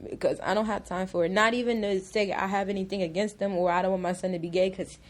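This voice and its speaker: A woman's voice: mid-range voice, fairly even intonation, quick pace. A woman being interviewed in a casual, candid chat. She drags out her words and has a slight lisp. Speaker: interview guest.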